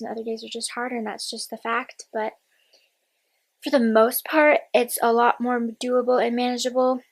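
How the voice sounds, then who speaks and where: A woman's voice: on the high side, poor audio. A woman in her twenties talking casually in a personal diary vlog, rambling and candid, sometimes dropping to a whisper. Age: 20s. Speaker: vlogger.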